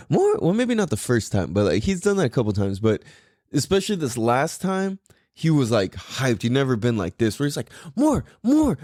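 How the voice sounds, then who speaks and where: Young male podcast host, surfer slang, lively voice, dry close mic. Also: medium pitch, no echo. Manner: laid-back surfer slang, swearing, lots of "like" and "dude". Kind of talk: casual podcast monologue.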